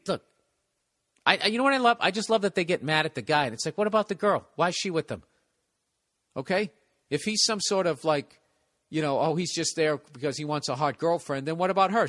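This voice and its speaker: A podcast host talking off the cuff in a blunt, cynical rant. He swears constantly and trips over his own words, restarting sentences as he goes. His voice sits somewhat high for a man. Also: a bit bright. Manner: profane, rambling, stumbles and restarts.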